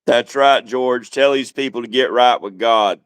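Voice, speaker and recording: A man's voice: mid-range voice, fairly even intonation, measured pace, smooth, no echo. Laid-back wry man on a dry mic. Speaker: livestream co-host. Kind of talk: casual livestream chat.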